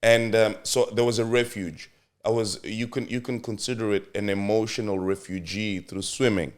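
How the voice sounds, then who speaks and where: A man's voice: on the low side, fairly even intonation, moderate pace. A man from Mozambique with a South African accent, telling his story in a casual interview with many fillers and restarts. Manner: reflective, with frequent fillers and restarts. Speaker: podcast guest, company CEO.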